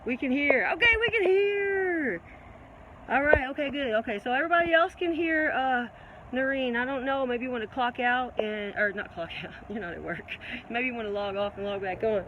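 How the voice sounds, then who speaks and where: An excitable woman answers viewers' questions in a loose, chatty live stream, her voice a little congested. She gets preachy and keeps calling people baby. Steady traffic noise from outside carries under her voice. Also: high voice, moderate pace, lo-fi sound. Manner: animated and preachy, calls listeners baby. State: slightly congested.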